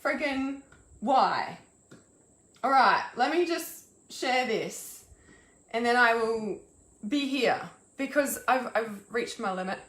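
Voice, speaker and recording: Fuming high-voiced woman ranting live. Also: lively intonation, a bit bright. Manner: fuming, swearing, halting restarts. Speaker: intuitive healer and mentor, live streaming. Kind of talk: angry live-stream rant. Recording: echoey room.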